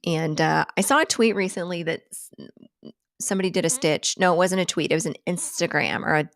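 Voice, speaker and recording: A woman's voice: lowish voice, fairly quick, vocal fry. A woman hosting a casual live coffee chat, rambling and self-deprecating, joking and laughing often.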